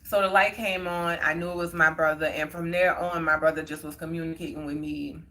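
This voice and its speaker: Woman, crisp bright tone, a bit low-pitched, casual earnest storytelling, live stream host. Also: steady tone, brisk. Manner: earnest, conversational, many fillers. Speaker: livestream host.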